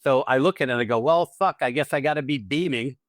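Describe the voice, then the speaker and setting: A man's voice: medium pitch, fast talker, no echo, clean studio sound. A man hosting a podcast as an acting teacher, talking casually and animatedly, swearing freely and acting out little scenes with quoted lines.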